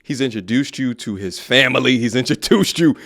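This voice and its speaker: A man's voice: medium pitch, brisk, gravelly, a bit bright. A man hosting commentary, speaking bluntly in a preachy, slangy way. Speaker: host.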